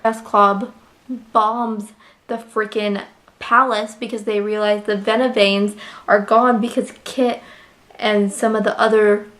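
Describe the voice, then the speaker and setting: A young woman casually recapping a novel she loved, emotional and full of fillers. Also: fairly high pitch. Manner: gushing, emotional, filler-heavy retelling. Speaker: book reviewer. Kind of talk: casual book review chat.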